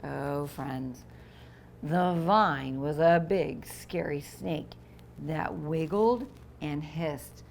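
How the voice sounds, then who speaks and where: A woman teacher reading a picture book aloud to young children, pausing to explain words and voicing the sound effects with lively expression. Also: deep voice, vocal fry, slight background noise.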